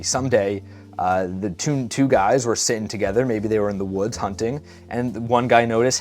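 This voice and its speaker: A man's voice: medium pitch, a little mellow. A man hosting a solo podcast, talking casually and rambling, with self-deprecating asides and stutters. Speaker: podcast host. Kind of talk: casual solo talk while painting.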